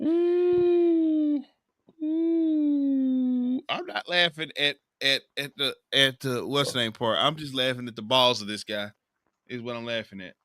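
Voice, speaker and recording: A man's voice: mid-range voice, moderate pace, pushed and bright, clean tone, no room sound, studio quality. A man co-hosting a casual sports show, teasing and laughing with the host.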